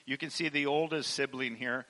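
Bright-voiced man giving a testimony. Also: mid-range voice, steady tone, poor audio. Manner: emotional storytelling, laughs often, halting restarts. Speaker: charity founder speaking to a church. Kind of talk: personal testimony talk.

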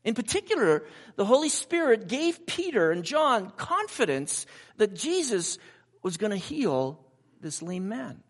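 High, lively-voiced male preacher. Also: unhurried. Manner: asks the audience rhetorical questions; conversational, personal asides. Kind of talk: sermon.

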